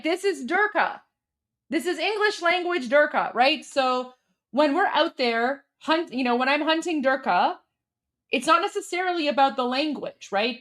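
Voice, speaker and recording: A woman's voice: high voice, a bit bright. A woman co-hosting a live stream, chatting casually and bluntly as she reads out viewer messages, with plenty of "like" and "um".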